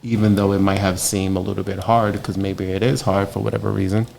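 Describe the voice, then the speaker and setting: A man's voice: on the low side, level tone, fast talker, vocal fry, a little mellow, a little hiss or hum. A man speaking as a podcast guest in a casual discussion, making earnest, emphatic points with rhetorical questions.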